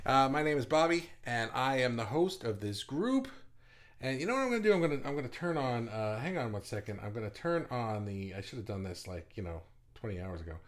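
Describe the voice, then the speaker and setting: A man hosts a live art group stream from his desk, chatting loosely and rambling through fillers and restarts. His voice sits at an ordinary middle pitch, and he greets viewers as they arrive. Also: expressive, fairly quick. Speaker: host of an online art group livestream. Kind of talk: casual livestream chat.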